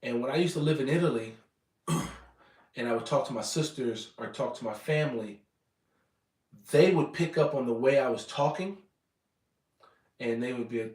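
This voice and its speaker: Casting: American man vlogger, casual rambling chat, mid-range pitch, set back from the mic in an echoey room. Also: normal speed, long pauses, darkish tone. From United States. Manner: rambling, self-correcting, repeats words. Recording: roomy sound, mic at a distance.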